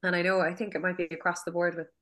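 A Cork Irish woman in her thirties talks through her filmmaking career from home, in a relaxed interview. Her voice sits fairly low but comes across bright and forceful. She rambles easily, restarting phrases and filling gaps with fillers. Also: racing. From Cork, Ireland. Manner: chatty, many restarts and fillers, laughs often. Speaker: filmmaker and acting school director. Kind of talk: casual interview chat.

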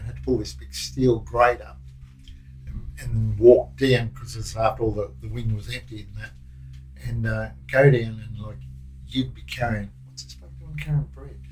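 On a low-quality recording, an older man with an Australian accent speaks in a mid-range, darkish voice. A former prison officer, he rambles through anecdotes in a casual interview, peppering them with slang and frequent restarts.

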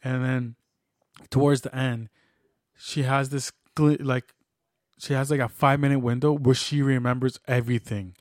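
A man's voice: medium pitch, flat delivery, normal speed, dry recording, clean studio sound. Rambling man retelling a story. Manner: rambling storyteller, many restarts and acted-out dialogue. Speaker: podcast co-host. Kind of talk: casual chat.

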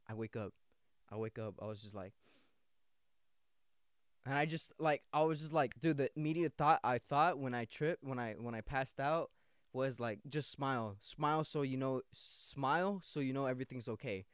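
A young man tells a story on his podcast in a loose, rambling way, swearing often and leaning on slang. His voice is smooth and resonant, and the recording is dry and close. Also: mid-range voice, no echo. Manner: rambling and profane, full of slang and restarts. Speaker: podcast host. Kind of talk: casual storytelling.

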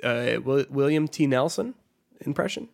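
A man's voice: mid-range voice, animated, moderate pace, creaky, darkish tone. A man co-hosting a gaming podcast, chatting casually and rambling with lots of "like" fillers. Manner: rambling, heavy use of "like" fillers. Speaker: podcast co-host. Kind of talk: casual chat about video games.

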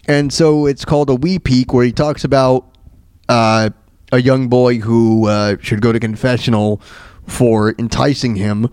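A man's voice: medium pitch, steady tone, unhurried, darkish tone, smooth, no room sound. A man hosting a radio show, casually recapping old comedy bits in a rambling way, with many fillers and chuckles.

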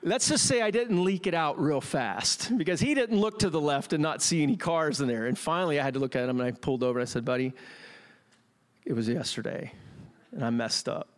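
Middle-aged male pastor, high voice, animated self-mocking sermon storyteller. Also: fast, hardly any pauses. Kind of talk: sermon with personal stories.

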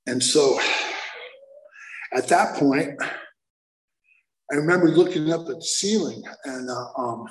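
A man telling his recovery story slowly and haltingly, with many fillers and wry self-deprecating humor. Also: fairly high pitch. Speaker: speaker sharing recovery story. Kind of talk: personal testimony at a recovery meeting. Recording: roomy, echoey recording.

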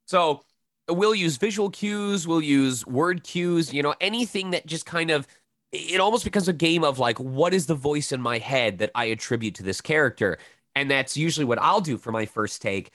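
A man in his thirties, a voice actor talking casually in an interview, lively and quick to slip into demonstration voices. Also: on the high side, no room sound, clean studio sound. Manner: animated, demonstrates voices mid-sentence. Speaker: voice actor guest.

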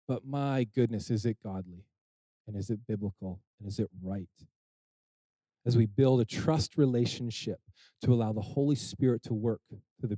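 A male pastor preaching a sermon, reading scripture aloud and retelling the scene in a lively, storytelling way. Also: mid-range voice, no echo, rough recording.

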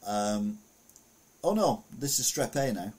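A man's voice: on the low side, lively intonation, slow pace, a little mellow. A man casually reading news headlines aloud and adding rambling, self-correcting comments full of fillers.

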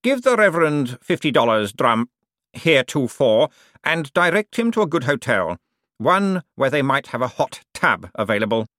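A man's voice: medium pitch, very animated, normal speed, fairly bright tone, no echo, clean studio sound, voice pushed up. A man voicing a haughty, scheming male banker, pompous and precise in a raised voice.

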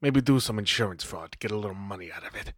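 A man's voice: on the low side, animated, fast talker, dry recording, studio quality, voice pushed down. A man voicing a scrawny, androgynous punk vampire who talks in slangy, drawling threats and sometimes sinks into a whisper. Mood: menacing. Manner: slangy, drawling tough talk.

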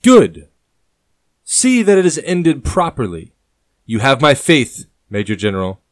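Man as a furious royal in grief, booming commands, dry close recording. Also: normal speed, darkish tone, dry recording, close to an everyday voice. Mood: commanding. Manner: booming, rising into anger. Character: grieving, furious male king, commanding.

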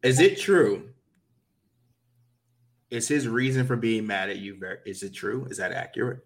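A man's voice: medium pitch, a little slow. A man co-hosting a podcast, blunt and teasing in casual chat. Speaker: podcast co-host.

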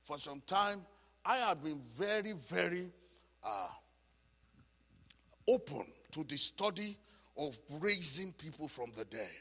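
A man preaches a Bible study in a church hall with a long, ringing reverb. His fairly high, bright, gravelly voice swings widely in pitch as he repeats phrases for emphasis. It slips into husky rasp and climbs to shouts. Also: very animated, slow, long pauses.

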